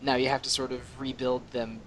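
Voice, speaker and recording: A man chatting casually on a game podcast panel, animated and halting, with many restarts. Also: mid-range voice, heavy background noise.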